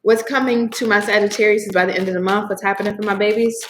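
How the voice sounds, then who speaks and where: A woman's voice: medium pitch, fairly even intonation, fast, slight background noise. A woman giving a casual tarot reading to camera, effusive and swearing freely as she talks straight to her viewers. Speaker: tarot reader. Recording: echoey room.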